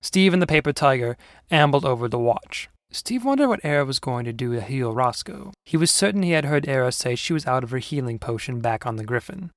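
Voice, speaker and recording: A man narrating a fantasy audio story in a steady, measured storytelling manner as the show's host. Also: mid-range voice, no room sound, studio quality.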